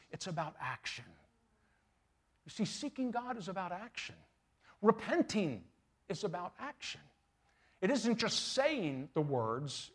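A middle-aged male pastor preaching a sermon in a church, animated and conversational, with humorous asides. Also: a little high, husky.

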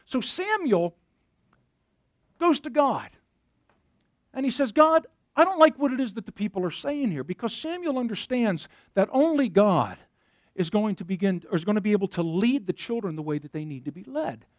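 A man preaches to his congregation in a lively, swooping voice that sits high for a man. He talks them through scripture and reads verses aloud. The sound is dry and close. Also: moderate pace, no room sound. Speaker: pastor. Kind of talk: sermon.

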